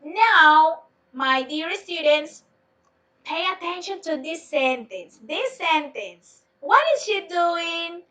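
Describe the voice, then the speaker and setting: Woman teacher, high and bright, slow and patient, heard from a distance on an online class. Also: expressive. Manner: slow, patient, repeats questions to students. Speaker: English teacher. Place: home, on a video lesson.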